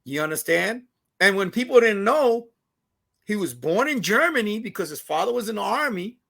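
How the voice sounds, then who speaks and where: Animated Puerto Rican New Yorker, gravelly. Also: male voice, high-pitched, normal speed. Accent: New York Puerto Rican. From Puerto Rican from New York. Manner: animated, profane, mixes Spanish phrases, acts out voices. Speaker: comedian and radio host, guest. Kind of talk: casual interview storytelling.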